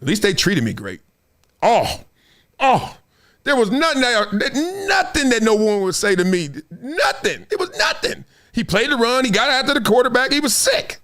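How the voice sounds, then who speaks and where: Animated middle-aged man, lively high voice. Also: moderate pace. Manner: animated, acts out voices, laughs often. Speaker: show host. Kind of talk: casual chat to a live audience.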